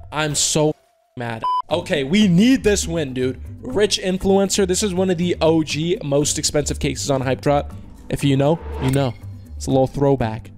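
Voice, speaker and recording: A young man giving casual commentary on opening online cases, groaning at losses and cheering at wins, talking in slang to his viewers. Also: medium pitch. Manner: swings between groaning frustration and loud cheering. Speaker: case-opening video host. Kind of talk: excited gaming commentary.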